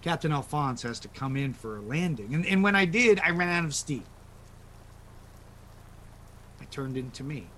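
Casting: a man as a regretful dying father in an audio drama, halting and soft, slightly high voice. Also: expressive, a little hiss or hum. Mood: weary. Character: dying father, remorseful and quietly self-mocking. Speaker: actor in an audio play.

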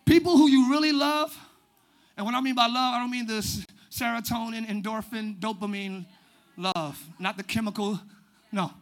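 A male pastor preaching a sermon in church, animated and often shouting, acting out little quoted voices along the way. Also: very high voice, moderate pace. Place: church sanctuary.

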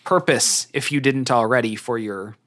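A man's voice: medium pitch, normal speed, fairly bright tone. A man narrating as game master in a tabletop game, loose and joking with hesitations.

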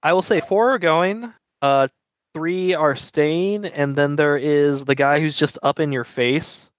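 A man's voice: a little high, measured pace, poor audio. A man running a tabletop game as game master, narrating in a casual, loose way. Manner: casual, loose, laughing often.

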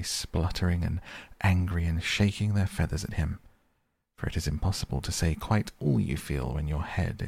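Brief: a man with a very low, husky voice, calm storybook narration, dry close sound. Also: no echo.

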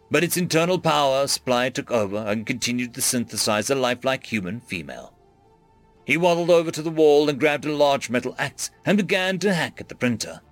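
A man narrating a science-fiction story in a scripted, expressive storytelling manner. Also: medium pitch. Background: faint music.

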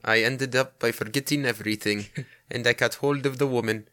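A man's voice: mid-range voice, steady tone, moderate pace, pushed and bright, close to an everyday voice. A man voicing an adult Brazilian man who recounts an alien encounter in a put-on Brazilian accent, with stilted, translated-sounding phrasing. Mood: earnest. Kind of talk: podcast dramatic reading.

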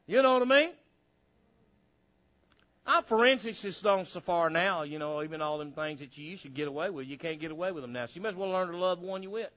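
A man preaching a sermon, animated, acting out little dialogues, on a dull lo-fi recording. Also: high-pitched. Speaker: pastor.

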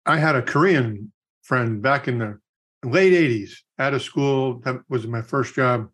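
Middle-aged male co-host, easy storyteller, mid-pitched voice. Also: a little slow. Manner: storytelling, animated quotes. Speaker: podcast co-host. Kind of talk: casual chat.

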